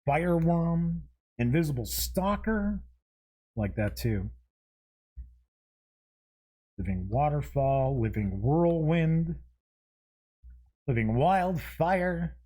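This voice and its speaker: Slow-talking man with a higher voice. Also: animated, dark tone. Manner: reads card names aloud one by one with short asides; chuckles at himself. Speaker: show host. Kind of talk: casual unboxing commentary.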